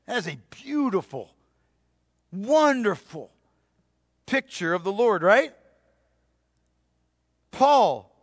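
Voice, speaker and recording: A man preaching a sermon, emphatic, repeating key phrases and dropping to a hushed voice for stress. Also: high voice, lively intonation, unhurried, pauses often, dry recording, clean studio sound. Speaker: pastor.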